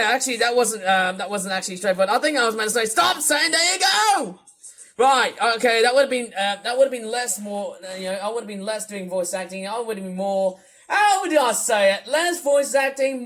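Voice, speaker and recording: A man's voice: sits high, a little fast, fairly bright tone. A man giving rambling reaction commentary, exasperated and full of swearing. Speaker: video commentator.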